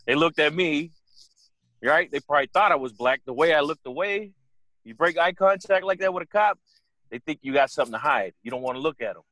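A young man co-hosting a casual podcast, telling a story in an animated, profane way and acting out the other people's voices. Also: on the high side, a little fast, dry recording.

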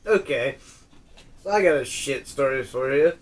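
A man's voice: mid-range voice, lively intonation, moderate pace. A man casually telling a rambling, profane story, with lots of fillers. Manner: loose and profane, many fillers. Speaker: podcast co-host.

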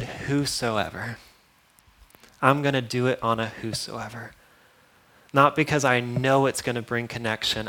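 A man delivering a sermon in a mid-range voice. He is earnest but teasing, slipping in sarcastic asides and little chuckles. His volume swings from loud, pressing emphasis down to quiet, hushed lines. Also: medium pitch. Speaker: preacher.

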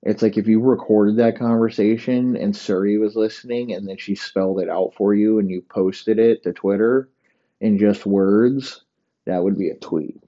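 A man with a low, very dark, mellow voice delivers a rambling, profane comic rant as a podcast host. The recording sounds dull and lo-fi. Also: fairly even intonation, normal speed. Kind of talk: solo comedic rant.

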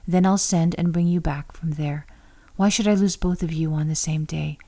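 A woman's voice: low-pitched, fairly even intonation, normal speed, warm tone. Woman reading as an anxious scheming mother. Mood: urgent.

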